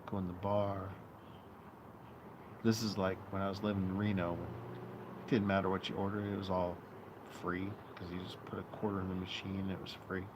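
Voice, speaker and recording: A man's voice: sits low, little pitch movement, normal speed, long pauses. Rambling casual man, noisy patio. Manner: rambling, storytelling, profane. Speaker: streamer host. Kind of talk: casual live-stream chat. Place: outdoor patio.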